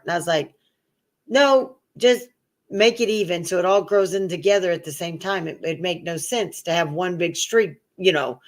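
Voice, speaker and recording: A middle-aged woman, the co-host, telling a long personal story in casual chat and acting out the voices of the people in it. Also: fairly low pitch. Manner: animated storyteller, acts out quoted voices.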